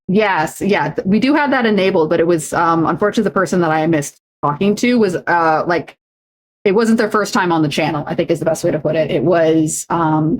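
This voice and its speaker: A young adult woman streamer in casual chat, talking in loose runs full of fillers and restarts. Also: on the low side. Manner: chatty, many fillers and restarts. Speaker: streamer and co-host.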